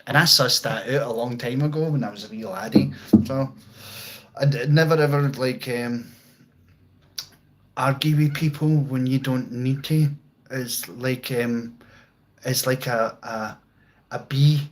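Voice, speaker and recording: On a rough-sounding live stream from home with a guitar and amp nearby, a livestreamer from the outskirts of Glasgow chats in a Glaswegian Scottish accent. His mid-range voice is steady, a little slow and full of pauses as he rambles, swears and jokes in a laid-back way while reading viewers' comments aloud.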